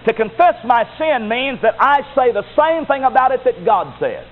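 A man's voice: lively intonation, moderate pace, hardly any pauses. Emphatic preacher man, tinny sound. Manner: emphatic preaching, swinging between loud exclamations and low asides. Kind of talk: sermon. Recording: tinny phone-like sound with faint noise.

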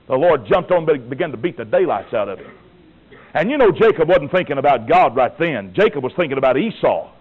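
A man preaching a sermon with passion, firing rhetorical questions and swinging between hushed tones and shouts. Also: fairly high pitch, animated, fast. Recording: tinny, phone-like lo-fi recording.

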